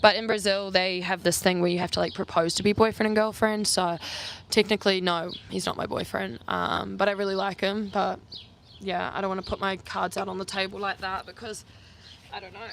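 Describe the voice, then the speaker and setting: A young travel vlogger from New Zealand talks through viewer questions in a loose, rambling way. Her pitch sits in the middle for a woman, and she fills her sentences with "like" and quick asides. A faint hum of outdoor noise runs under her voice. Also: little pitch movement. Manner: chatty, heavy use of "like", quick asides. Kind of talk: casual Q&A chat. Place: outdoors on an island.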